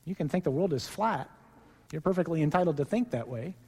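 Man, priest, sermon, emphatic, slightly high voice, long reverb. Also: expressive, warm tone, husky. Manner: emphatic, slows down for stress. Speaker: priest leading a parish mission. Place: large church.

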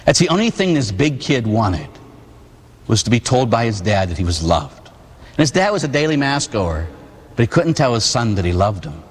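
A man's voice: medium pitch, normal speed, slightly rough. Male priest, forties, from Pittsburgh, storytelling sermon, joking asides, long church echo. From Pittsburgh, USA. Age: 40s. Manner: lively storytelling, tag questions, humorous asides. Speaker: Catholic priest. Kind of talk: sermon with personal stories.

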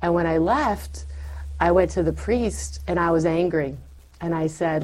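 Speaking at a measured pace in a lowish voice, a middle-aged woman recounts her journey of faith. The conversation is candid and animated, and she acts out who she used to be.

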